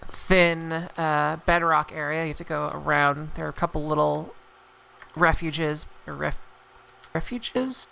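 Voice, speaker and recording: A woman co-commentating a game match with a gravelly voice, measured and explanatory, with frequent ums. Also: deep voice, flat delivery, bright, forceful tone. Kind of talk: live esports commentary. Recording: faint background noise.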